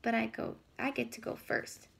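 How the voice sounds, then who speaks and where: A proud little female caterpillar from a picture book brags in a self-important way, as a woman reads her aloud. The voice sits high with a gravelly, husky texture. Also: very animated, normal speed, fairly bright tone, full character voice. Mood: matter-of-fact.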